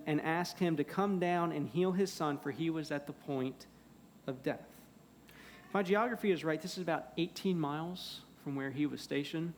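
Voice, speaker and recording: A pastor preaching a sermon in a church, earnest, moving between loud emphasis and hushed pleading. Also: male voice, fairly high pitch, creaky, slight background noise. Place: church sanctuary.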